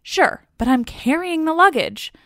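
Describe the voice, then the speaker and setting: A woman's voice: sits high, animated, unhurried, fairly bright tone, dry recording, clean studio sound, voice pushed up, heavily acted. Woman playing a petulant wisecracking slave. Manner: whiny, wisecracking. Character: petulant joking male slave with luggage.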